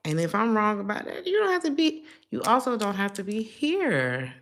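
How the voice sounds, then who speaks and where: A middle-aged woman giving a casual tarot reading on a live stream, talking in a chatty, sassy and animated way. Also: medium pitch, normal speed. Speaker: tarot reader.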